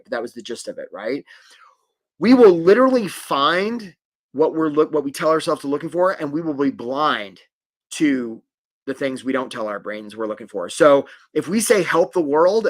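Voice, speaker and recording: A middle-aged man, a career coach, teaching a live webinar in a lively, conversational way with frequent "right?" checks. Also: fairly high pitch, a little fast. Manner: animated, conversational, many "right?" tags.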